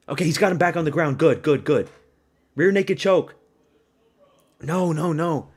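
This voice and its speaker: A man hosting a fight watch-party stream, giving excitable, profane live reactions and yelling at the screen. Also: a little high, a little slow, long pauses.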